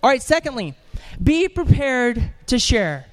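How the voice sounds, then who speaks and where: A man preaching an animated sermon in church, telling a story with jokes and acted-out voices. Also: very high voice, measured pace. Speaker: evangelist preacher.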